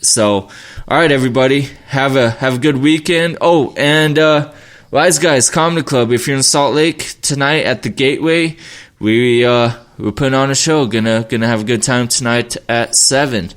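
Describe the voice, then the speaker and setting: A man's voice: medium pitch, normal speed, a bit bright. A young man hosting his own podcast, talking casually on his own in a rambling, profane way with many restarts. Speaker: podcast host. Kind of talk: casual solo podcast chat.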